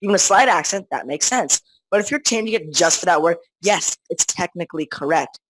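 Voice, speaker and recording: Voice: mid-range voice, expressive, a little fast, a bit bright, no room sound, poor audio. A teenager chatting casually as a podcast co-host, rambling with lots of restarts and fillers. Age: teens. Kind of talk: casual chat.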